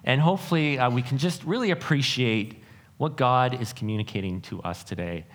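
A man's voice: medium pitch, a little fast. A man preaching a sermon, earnest and self-deprecating, often restarting his sentences as he builds his points. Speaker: pastor.

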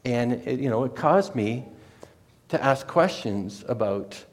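A man's voice: mid-range voice, lively intonation, slow. A man telling a personal story in a rambling, digressive way that is full of self-corrections. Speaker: speaker recounting a personal story. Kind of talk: casual spoken storytelling.

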